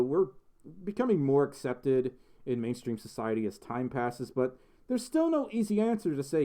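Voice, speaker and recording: A man's voice: medium pitch, dark tone. A man with a slight Southern accent from Mississippi, chatting casually on a livestream and reading out chat comments, rambling and self-deprecating with lots of fillers. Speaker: livestream host.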